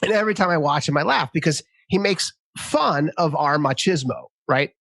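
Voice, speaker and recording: A man's voice: a little high, moderate pace, vocal fry, no echo. A man in his fifties hosting a podcast interview, talking casually and acting out quotes in a raised voice. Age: 50s. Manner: animated, acts out quotes in a raised voice. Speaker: podcast host.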